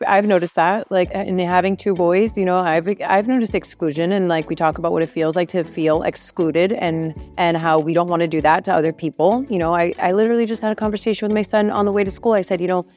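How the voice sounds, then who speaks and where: Quick-talking, low-voiced earnest woman. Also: steady tone, soft background music. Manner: earnest, gentle, reassuring. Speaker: podcast guest, mother. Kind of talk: casual chat.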